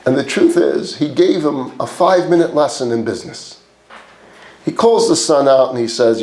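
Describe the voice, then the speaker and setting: Animated storytelling rabbi, roomy echo. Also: male voice, medium pitch, normal speed. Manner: animated storyteller acting out voices. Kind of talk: storytelling sermon.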